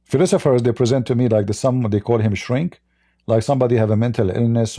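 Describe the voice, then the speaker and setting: A man's voice: mid-range voice, brisk, warm tone, no echo. Guy w as ranting on his stream, blunt n mocking, dry close sound. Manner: blunt, mocking, repetitive restarts. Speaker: livestream host. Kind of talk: livestream monologue.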